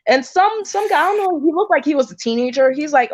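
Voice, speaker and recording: A woman's voice: high-pitched, animated, fast talker, a little mellow. Woman, casual storytelling, chatty, many "like"s, dull audio. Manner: chatty, uses "like" often. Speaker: panel guest.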